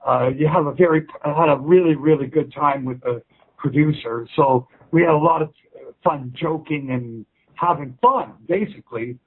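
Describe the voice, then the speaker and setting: A man's voice: on the high side, moderate pace, breathy edge. A male musician chatting in an interview, restarting sentences and swearing freely. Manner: rambling restarts, frequent swearing. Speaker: musician guest. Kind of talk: casual interview chat. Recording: tinny phone line.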